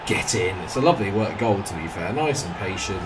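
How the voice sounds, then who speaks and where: A man's voice: deep voice, a little fast, background noise. A young man with a southern English accent giving jokey, chatty commentary while playing a football game at home. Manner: jokey, chatty, excitable at goals. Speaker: gaming video host. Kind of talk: casual gameplay commentary. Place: home flat.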